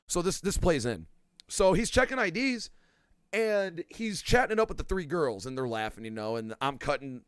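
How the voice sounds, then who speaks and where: A young man with a clear, smooth voice and a fairly high pitch, telling chatty stories on a podcast. His intonation swings widely, and the sound is dry and close. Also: dry recording. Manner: lively, chatty anecdote-teller. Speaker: podcast host. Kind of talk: casual chat.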